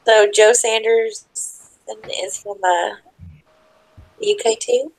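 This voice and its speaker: A woman's voice: fairly high pitch, wildly swooping pitch, takes it slowly, vocal fry, rough recording. A woman chatting casually on a live stream. She teases the host and laughs easily.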